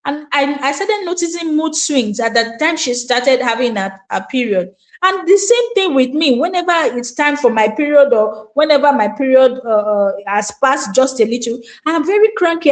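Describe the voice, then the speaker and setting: Earnest middle-aged woman educator. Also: high voice. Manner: earnest, explanatory, acts out parent-child exchanges. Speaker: Montessori educator and parenting guest. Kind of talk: earnest advice talk.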